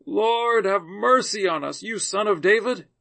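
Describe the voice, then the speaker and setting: A man's voice: high voice, animated, a little slow, gravelly, sharp tone, pitched above the performer's own voice, exaggerated voice. A man voicing two desperate blind men who cry out and plead, raising his voice well above his reading voice. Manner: crying out, pleading.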